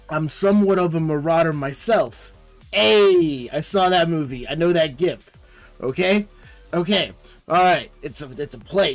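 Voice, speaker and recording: A man's voice: a little high, close to an everyday voice. A man playing a brash, sleazy stand-in hero who rambles and blusters defensively. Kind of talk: tabletop role-play in character.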